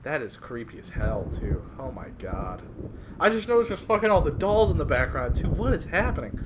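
A young man doing casual let's-play commentary on a horror game, reacting excitably and swearing a lot. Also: fairly high pitch, moderate pace, noisy background. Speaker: gaming video host.

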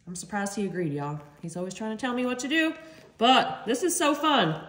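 Bubbly woman host for a home cooking vlog, high voice, chatty, talks right to the viewers. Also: animated, brisk, a bit bright, roomy sound. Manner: chatty, bubbly, constantly addresses viewers as y'all. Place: home kitchen, then a sunny backyard chicken coop.

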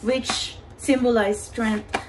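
A woman's voice: fairly high pitch, steady tone, takes it slowly, noisy background. Earnest, reassuring woman tarot reader. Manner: earnest, reassuring, repeats "you know" and "okay". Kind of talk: pick-a-card spiritual reading.

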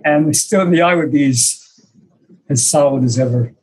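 A man's voice: fairly high pitch, measured pace, husky, rough recording. An older man, a senior disciple, telling reflective, self-deprecating stories to a small group over a video call, with hesitant fillers. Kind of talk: storytelling to a small online group.

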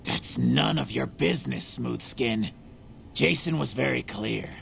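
An actor voicing a gruff male ghoul on an intercom, raspy and curt, giving commands in video game dialogue. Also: mid-range voice, expressive, unhurried, fairly bright tone, slight background noise, full character voice. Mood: menacing. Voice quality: raspy, gravelly.

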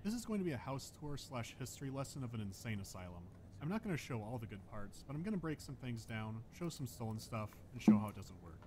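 A man delivers a scripted video essay about a game in a dry, deadpan tone. He talks quickly and evenly. Noticeable noise sits under the voice. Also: mid-range voice. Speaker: game reviewer narrator.

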